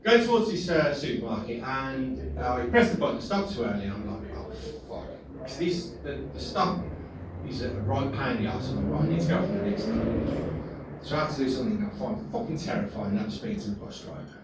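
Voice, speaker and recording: A man's voice: mid-range voice, very animated, fast. A man doing a rambling, sweary, self-mocking stand-up set in a small pub comedy room. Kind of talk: work-in-progress stand-up set. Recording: echoey room, distant mic, noisy.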